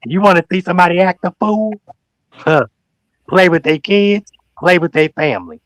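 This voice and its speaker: A man with a somewhat high voice preaches and calls people out on a livestream, hammering home each point with repetition. He acts out other people's words in mocking asides, and his voice sounds close and dry, with no room echo. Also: normal speed. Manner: emphatic, preachy, addresses people directly and repeats phrases; slangy, animated storytelling with mock quotes. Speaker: guest on a livestream talk show. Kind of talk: heated livestream call-out talk.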